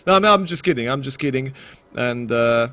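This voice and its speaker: A man's voice: medium pitch, lively intonation, normal speed, sharp tone. A man casting an esports match on his live stream, rambling and self-deprecating with frequent restarts. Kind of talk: casual live stream commentary.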